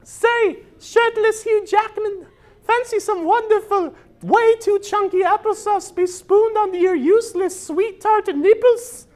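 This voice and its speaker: A man voicing a woman in a high falsetto in a comedy sketch. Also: measured pace, darkish tone. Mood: gushing. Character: high breathy woman, prim and starry-eyed.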